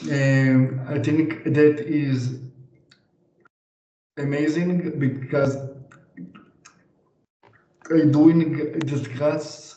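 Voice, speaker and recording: A man's voice: on the high side, steady tone, drawn-out words, pauses often, dark tone, echoey room, distant mic, muffled recording. A man in his twenties from Israel who stutters, repeating phrases in a speech therapy session and getting stuck on words. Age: 20s. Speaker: therapy client.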